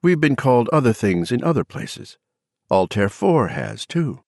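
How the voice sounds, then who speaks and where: A man's voice: mid-range voice, very animated, measured pace, vocal fry, a little mellow, no echo, clean studio sound, voice pushed up, full character voice. A man voicing a cold woman taken over by an alien presence, speaking in a cool, condescending way in an audiobook. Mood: cool lecturing. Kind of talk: audiobook character voice.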